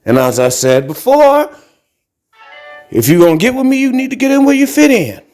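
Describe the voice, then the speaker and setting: Soft music plays behind a middle-aged podcast host from Akron, Ohio, whose very high, sing-song, darkish voice moves at a moderate pace. He rants bluntly and profanely in a casual vlog monologue while walking from his carpeted living room into the tiled kitchen.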